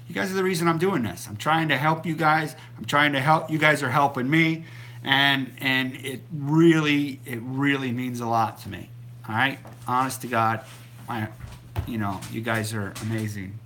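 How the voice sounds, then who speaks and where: A man's voice: mid-range voice, pushed and bright. A middle-aged man hosting a casual live stream about the keto diet, rambling along with many ums and restarts. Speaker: keto diet channel host.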